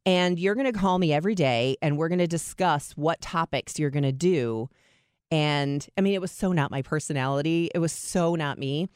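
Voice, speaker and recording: A middle-aged woman, a radio host, telling her career story in a lively, self-deprecating way and acting out quoted lines. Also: normal speed, clean tone, no echo, clean studio sound. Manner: lively, self-deprecating, acts out quotes with big pitch jumps. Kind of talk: conversational interview storytelling.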